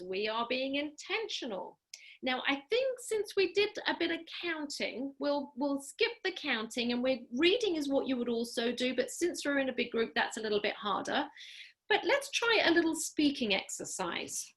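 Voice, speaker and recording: A woman speech therapist coaching a group through voice drills over a video call. Her voice is bright and forceful and sits a little high. She speaks clearly and deliberately, upbeat and encouraging as she guides everyone along. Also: sing-song. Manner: clear, deliberate, instructive delivery. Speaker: speech-language pathologist. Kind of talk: online class leading voice exercises. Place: home, during a live online program.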